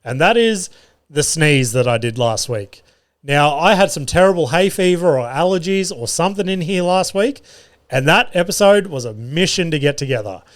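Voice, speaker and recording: A man's voice: a little high, lively intonation, moderate pace. Australian male comic, solo podcast host, casual storyteller with a foul mouth and a self-deprecating streak. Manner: chatty, swears freely, self-mocking. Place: podcast studio.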